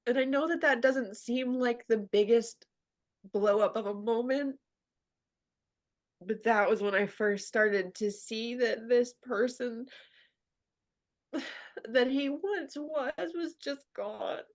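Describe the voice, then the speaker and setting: A woman's voice: fairly high pitch, takes it slowly, pauses often. A woman speaking earnestly in a candid personal interview, talking as a radio show guest and leaning on fillers like "like.". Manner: earnest, filler-heavy, frequent "like".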